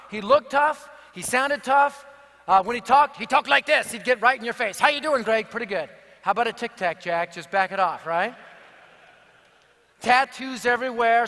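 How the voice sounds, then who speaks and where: A high-pitched man delivers a sermon full of jokes and punchy stories. His voice is bright and carries force. It rings out with long reverb in a large hall. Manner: energetic, punchy, joking. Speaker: evangelist speaker. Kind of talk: sermon with humorous storytelling.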